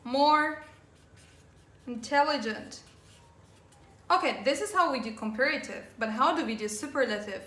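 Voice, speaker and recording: A woman teacher giving an English grammar lesson, slowly spelling out endings and repeating words for her students. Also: high voice, a bit bright. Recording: echoey room.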